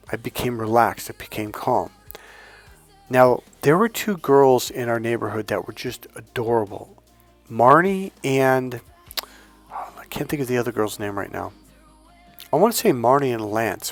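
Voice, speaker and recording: A man working as a dating coach, telling a story in a deliberately slowed, calm way and swearing bluntly. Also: mid-range voice, soft background music. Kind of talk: casual storytelling monologue.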